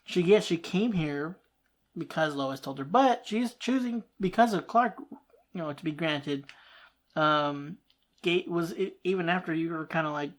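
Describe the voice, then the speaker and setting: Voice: mid-range voice, measured pace. A host giving casual reaction commentary on a TV episode, rambling through thoughts with many restarts and frequent laughs.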